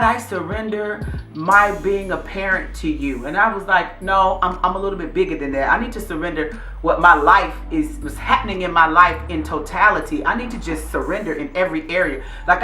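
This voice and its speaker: A bright, forceful woman's voice, middle-aged and chatty, speaking warmly to her viewers. The room sounds echoey, with faint music playing behind her. She talks in a relaxed, encouraging way. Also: fairly low pitch. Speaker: vlog host. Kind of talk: casual chat to viewers.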